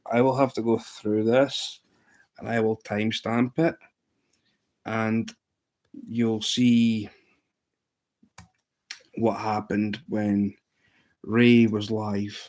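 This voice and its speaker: A man with a fairly low voice, chatting casually to his livestream viewers. He tells the story in a loose, amused ramble, stumbling and restarting as he goes. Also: level tone, drawn-out words, long pauses, a little mellow. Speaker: livestream host.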